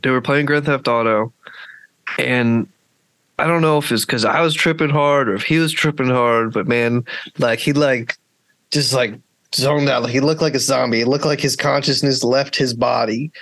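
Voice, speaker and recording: A man hosting a podcast, tells his story loosely and rambles, with lots of "like" and casual swearing. His voice sits in an ordinary middle pitch. It is recorded dry and close, with no room sound. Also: fairly even intonation, moderate pace, a bit bright, no echo. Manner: rambling, laid-back, heavy with "like" and swearing. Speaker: podcast host.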